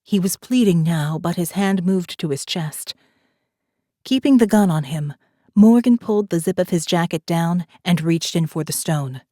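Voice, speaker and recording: A woman with a fairly low voice reads a thriller audiobook in a steady, measured way. The recording is dry and close, with no room sound at all. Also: dry recording. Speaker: audiobook narrator. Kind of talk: scripted narration.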